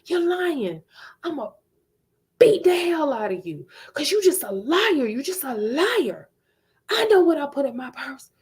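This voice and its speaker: A woman voicing a harsh, short-tempered mother, shrill and scolding as she accuses her child. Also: very animated, unhurried. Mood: accusing. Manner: shrill, scolding, rising to yells.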